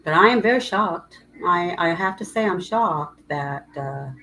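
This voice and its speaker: A woman's voice: fairly low pitch, expressive, a little slow, sharp tone, a little hiss or hum, low-quality recording. A middle-aged woman hosting a casual livestream chat, talking in a rambling, emotional way and greeting viewers by name. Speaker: livestream host.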